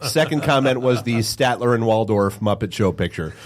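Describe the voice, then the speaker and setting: Animated, swearing podcast co-host man. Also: mid-range voice, normal speed, heavy background noise. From Detroit area. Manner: animated storytelling, swears freely, laughs often. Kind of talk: casual chat.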